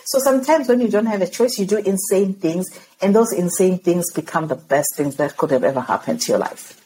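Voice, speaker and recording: A woman from Zimbabwe, a podcast guest, telling her story in an animated way and laughing often. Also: fairly low pitch, brisk, slight background noise, rough recording.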